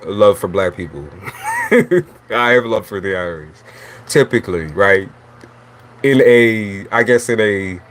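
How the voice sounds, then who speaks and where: In a laid-back livestream, a male tarot reader with a voice on the low side talks bluntly and at length, cursing freely and breaking into laughter often. Slight background noise can be heard.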